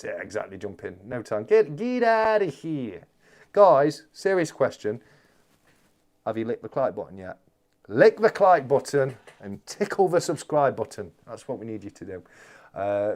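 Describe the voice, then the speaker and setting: A man's voice: lowish voice, sing-song, moderate pace, darkish tone. A man hosting a live stream, reading viewer comments aloud in a chatty, jokey way and calling people mate.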